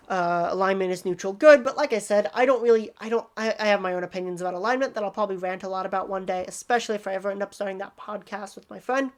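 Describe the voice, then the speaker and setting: A woman casually explaining tabletop game character tips in a rambling, self-deprecating way. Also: medium pitch.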